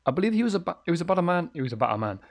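A man voicing a chatty, forgetful old landlady in a high, lilting put-on voice. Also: very animated, racing, gravelly, heavily acted. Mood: musing.

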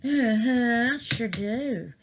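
A woman's voice: a little high, lively intonation, takes it slowly, slight background noise. A middle-aged woman chatting casually to her viewers about her craft, calling them babies and honey. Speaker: craft vlogger.

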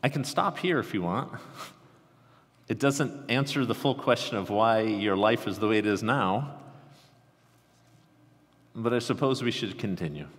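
A man with a Midwestern American accent preaching a conversational sermon, swinging between animated excitement and hushed intensity. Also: lowish voice. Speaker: pastor. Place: large church sanctuary. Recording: reverberant sanctuary sound.

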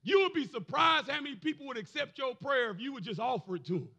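Gravelly high-voiced preaching pastor. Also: male voice, expressive, fast talker. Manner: preaching with rising, shouted emphasis and audience call-and-response. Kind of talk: sermon.

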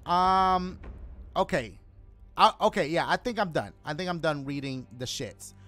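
A man's voice: fairly high pitch, animated, a little slow, pushed and bright, faint music behind. A man streaming a game, chatting casually and reading donations in loose slang with joking asides. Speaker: gaming streamer.

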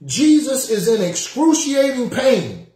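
A male pastor delivers a sermon in a high voice, slow and deliberate. He repeats each key line several times and urges the congregation to respond. His voice rings with the echo of a church sanctuary. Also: sing-song, mellow.

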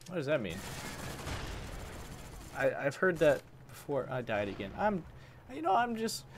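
A man's voice: on the high side, very animated, a little slow, background noise. Male gamer, casual commentary, mildly grumbling, slightly worn voice, game gunfire behind. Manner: grumbling, swaps swears for mild words, talks to enemies. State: voice worn from long recording. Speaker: gaming channel host.

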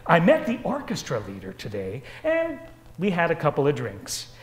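A woman's voice: low voice, huge pitch swings, normal speed. A man doing a gushing lady cruise passenger. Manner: gushing, sing-song diary reading. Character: gushing female cruise passenger writing her diary.

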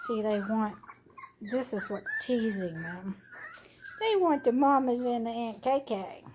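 A woman's voice: on the high side, big pitch swings, takes it slowly, darkish tone, slight background noise. A woman cooing at her puppies in doting, sing-song baby talk. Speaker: dog owner filming her puppies.

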